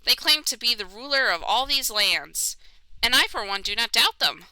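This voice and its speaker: A woman's voice: a little high, animated, moderate pace, pushed and bright, no echo, rough recording. A woman streamer giving playful, casual commentary on a game. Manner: playful, giggly asides.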